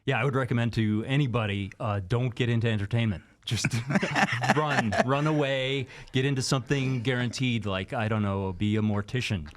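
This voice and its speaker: Man around 60, veteran radio personality, wry and joking, self-deprecating storyteller, mid-pitched voice, casual podcast interview. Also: moderate pace, few pauses. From Cape Cod, Massachusetts. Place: studio in Las Vegas.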